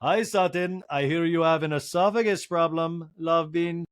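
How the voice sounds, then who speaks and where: A man's voice: fairly high pitch, fairly even intonation, moderate pace, dry recording, studio quality, lightly acted. A man voicing a tipsy, teasing middle-aged husband in a loose, offhand way.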